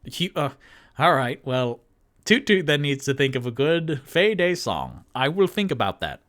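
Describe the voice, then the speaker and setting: A man's voice: on the high side, big pitch swings, a little slow, fairly bright tone, no room sound, studio quality. A man voicing a courtly, theatrical male elephant-folk bard in a solo tabletop game. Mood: jovial. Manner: theatrical and gallant.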